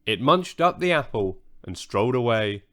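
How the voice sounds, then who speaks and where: A man narrating a children's story aloud in an expressive storytelling manner. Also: mid-range voice, normal speed.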